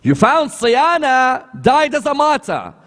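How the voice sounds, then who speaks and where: A man's voice: extremely high pitch, very animated, slow, fairly bright tone. A man giving a sermon lecture, telling a story and asking rhetorical questions that he then answers. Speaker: Islamic lecturer. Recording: long hall reverb.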